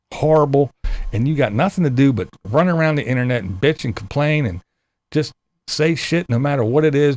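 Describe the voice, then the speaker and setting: A channel host delivers a profane, exasperated rant straight to his viewers in a vlog monologue. His voice is mid-range, and the recording is dry.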